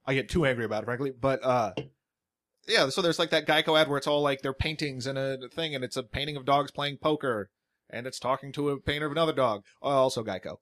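Fast-talking man grumbling agreeably. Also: mid-range voice, a bit bright. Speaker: podcast guest. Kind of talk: casual podcast chat. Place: studio.

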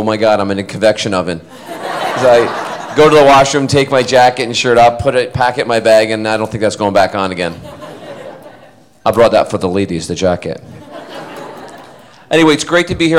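A man telling animated, self-deprecating stories on a convention panel, speaking into a handheld mic on stage. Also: fairly low pitch, smooth. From Canada. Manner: animated, self-deprecating, quick to act out voices. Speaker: guest actor on a convention panel. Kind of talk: anecdotal storytelling to a live audience.

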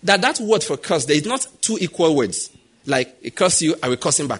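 Husky Nigerian preacher man. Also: on the high side, a little fast. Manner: animated storytelling, acting out quoted voices. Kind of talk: sermon.

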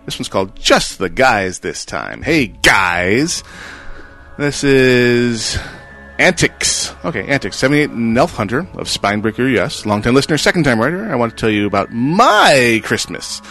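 A man co-hosts a relaxed gaming podcast, reading listener mail with an animated, swinging delivery. He drops playful jokes as he goes. Light music sits faintly in the background. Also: medium pitch, normal speed. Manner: playful, jokey asides. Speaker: podcast co-host. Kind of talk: casual chat, reading listener emails.

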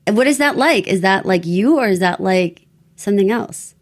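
A woman of middle pitch with a mixed American accent that drifts toward Southern. She chats eagerly and giggles, and her speech is full of fillers. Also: expressive, fairly quick. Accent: mixed American, partly Southern. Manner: giggly, enthusiastic, filler-heavy. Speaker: podcast co-host. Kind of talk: casual chat.

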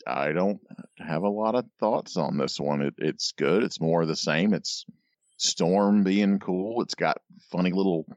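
A man with a very low voice, co-hosting a laid-back comics podcast. He talks in dry, halting bursts full of restarts. His mic sounds dull and muffled, in a dry room. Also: a little mellow, no room sound. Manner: hesitant, dry, many restarts. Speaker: podcast co-host. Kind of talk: casual comics podcast banter.

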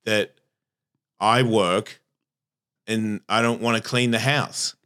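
A man's voice: on the low side, fairly even intonation, takes it slowly, pushed and bright, clear, resonant tone. This is a middle-aged man with an Australian accent talking on a podcast. He is crude and self-deprecating. He rambles, breaks off and restarts his thoughts. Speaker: comedian guest. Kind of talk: casual podcast chat.

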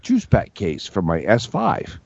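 A man's voice: on the low side, wildly swooping pitch, a little slow, vocal fry, slightly rough, no room sound, muffled recording. A man co-hosting a podcast, joking and swearing casually while he has the hiccups. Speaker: podcast co-host. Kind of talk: casual chat.

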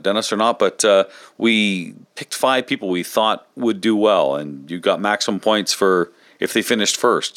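A man chatting on a podcast in an animated, talkative way, laughing easily. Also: fairly low pitch, no echo. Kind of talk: casual podcast chat.

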